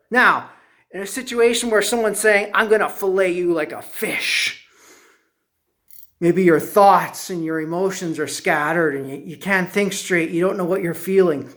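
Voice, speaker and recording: A man telling a personal story as a motivational speaker, slow and deliberate, drawing lessons from it. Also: high-pitched, fairly bright tone.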